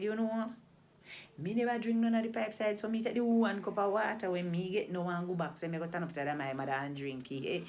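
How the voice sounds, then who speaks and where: A woman from Jamaica with a Jamaican accent, telling a story in a deliberate way and repeating phrases for emphasis. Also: lowish voice, fairly bright tone. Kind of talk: oral storytelling.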